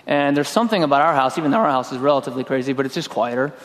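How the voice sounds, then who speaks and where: A middle-aged man preaching a sermon in a relaxed, conversational way, telling a personal story and acting out his own lines. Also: mid-range voice, racing. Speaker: pastor. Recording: long hall reverb.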